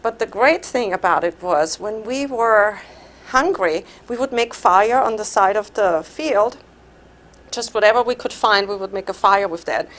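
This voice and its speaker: A woman's voice: medium pitch, unhurried, fairly bright tone. A middle-aged woman from Austria with an Austrian German accent, giving a conversational personal speech at a club meeting and laughing now and then. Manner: conversational, laughs while telling stories. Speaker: club speaker.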